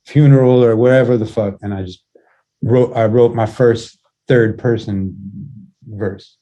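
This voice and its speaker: A man sits in as a guest musician, talking in a casual, laid-back way. His voice is mellow and warm, his stories wander with frequent restarts, and he swears freely as he goes. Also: mid-range voice, fairly even intonation, measured pace, dull audio. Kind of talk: casual interview chat.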